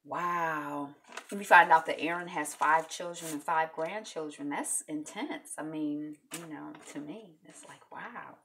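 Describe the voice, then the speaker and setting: A woman hosting a casual video recap of a reality show, chatty and animated, with many fillers. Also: sits low, a little slow, slight background noise.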